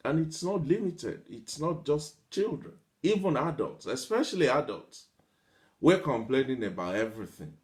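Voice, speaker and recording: A motivational speaker with a mid-range voice and big swings in pitch talks at normal speed. He piles up long, repetitive lists of examples, imitates whiny complainers, and laughs lightly between points.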